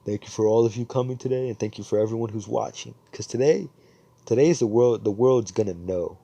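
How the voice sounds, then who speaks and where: Guy doing a low husky corporate right-hand man, formal announcer talk. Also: brisk, mellow, no room sound. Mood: announcing. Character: male company right-hand man hosting a press event.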